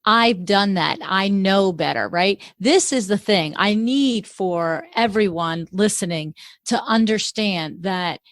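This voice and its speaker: A middle-aged woman, a business owner, talking as a podcast guest in an energetic, straightforward way. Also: mid-range voice, slow, dry recording. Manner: energetic, straightforward, storytelling with acted-out quotes. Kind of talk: podcast interview conversation.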